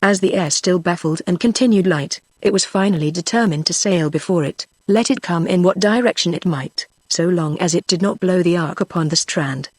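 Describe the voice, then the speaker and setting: A text-to-speech voice narrating a classic novel with a middling pitch. The sound is dry and close, and the reading stays even and machine-made throughout. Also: normal speed, hardly any pauses, no echo. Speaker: audiobook narrator.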